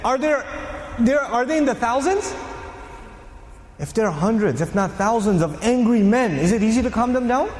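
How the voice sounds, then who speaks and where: A man lecturing to a live audience, telling a story with animated delivery and rhetorical questions thrown back at the room. His voice sits high for a man, and it rings out with a long reverb through a large hall. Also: normal speed. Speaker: Islamic lecturer.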